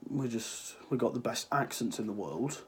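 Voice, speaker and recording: In this casual ranting vlog, a teenage vlogger from Ireland has a cold and sniffles as he rambles sarcastically at his viewers, swearing freely. He speaks at a moderate pace in a husky, mid-range voice with lively intonation.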